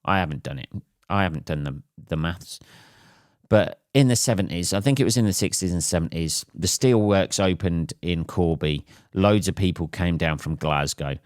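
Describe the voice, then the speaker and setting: Low-voiced, sweary English comedian rambling. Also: male voice, no room sound, clean studio sound. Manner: profane, self-mocking storytelling with frequent fillers. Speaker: comedian and podcast host. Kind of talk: rambling solo podcast monologue. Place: at home late at night after a gig.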